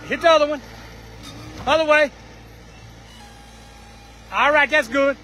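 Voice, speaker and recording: A man's voice: very high-pitched, takes it slowly, pushed and bright, a little hiss or hum. A man talking casually in a vlog outdoors. He calls out short directions and then hawks things for sale in a joking patter. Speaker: vlog host.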